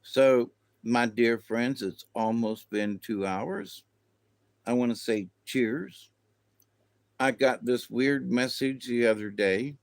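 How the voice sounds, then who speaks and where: A man's voice: mid-range voice, smooth, no echo. A man hosting a casual spiritual livestream, rambling and chatting to viewers, often laughing. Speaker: livestream host.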